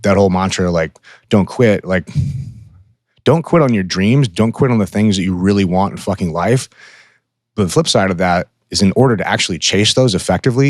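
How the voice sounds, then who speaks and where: A man's voice: on the low side, dry recording, studio quality. A man co-hosting a podcast in casual chat, blunt and profane, acting out the voices in his head. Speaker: podcast co-host.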